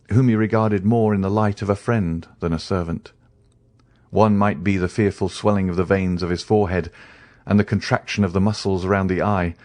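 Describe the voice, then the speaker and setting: Man, audiobook narrator, low voice, measured reading. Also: a little mellow, no echo, clean studio sound.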